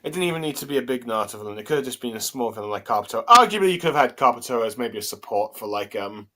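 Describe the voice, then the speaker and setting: Guy hosting a laid-back comic review, lots of ums and little laughs, bright voice. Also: mid-range voice, animated, very fast. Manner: hesitant, many fillers and chuckles. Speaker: podcast host. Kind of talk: casual comic review chat.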